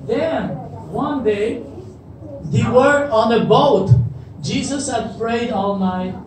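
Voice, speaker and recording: Slow-paced children's Bible teacher, echoey. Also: medium pitch, a crowd in the background. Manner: animated, asks the children questions. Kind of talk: storytelling to children. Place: church event with children, in a hall. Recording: echoey hall from far off, noisy.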